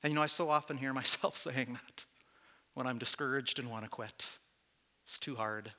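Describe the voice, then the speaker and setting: A man's voice: medium pitch, little pitch movement, moderate pace, long pauses, bright, forceful tone. A man preaching as pastor to his church, candid and conversational, with self-deprecating asides. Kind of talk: sermon.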